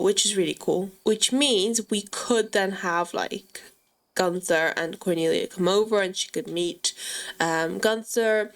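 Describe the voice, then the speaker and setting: A woman giving chatty, excitable gameplay commentary and talking straight to her viewers. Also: mid-range voice. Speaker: gaming channel host.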